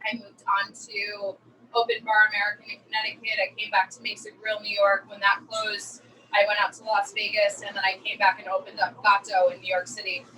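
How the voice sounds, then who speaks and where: A woman chef from New Jersey in her thirties, telling a story in a chatty, animated way during a virtual cooking class. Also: medium pitch, fairly quick, distant mic, slight background noise, low-quality recording.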